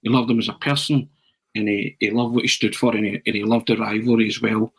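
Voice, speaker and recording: A man telling a long, animated anecdote on a podcast. He restarts often and drops in "eh" between phrases. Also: on the low side, quick pace, breathy edge, poor audio. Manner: animated storyteller, frequent restarts and "eh". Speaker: podcast pundit.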